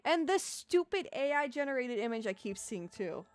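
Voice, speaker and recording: Reacting to comments during a livestream, a young adult woman rambles in casual chat, laughing often and swearing a lot. She speaks at a moderate pace in a high voice with big pitch swings.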